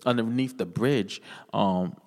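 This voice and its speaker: A man's voice: lowish voice, slow pace, darkish tone. A man on a podcast, earnestly telling his personal testimony in casual conversation, often repeating his phrases. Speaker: podcast guest. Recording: echoey room with long reverb.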